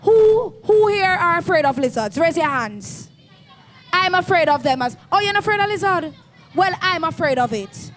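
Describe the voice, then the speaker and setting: A woman's voice: extremely high pitch, expressive, moderate pace, slight background noise. A woman hosting a children's reading event, leading the crowd in firm, coaxing call-and-response prompts. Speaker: event host for schoolchildren.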